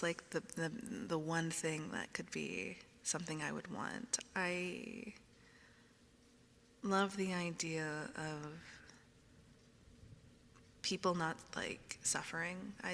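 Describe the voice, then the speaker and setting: A woman streaming ASMR into a binaural mic, chatting softly, often whispering and giggling as she reads out questions. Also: on the low side, creaky, big-room sound, a little hiss or hum. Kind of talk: soft whispered stream chat. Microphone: binaural microphone.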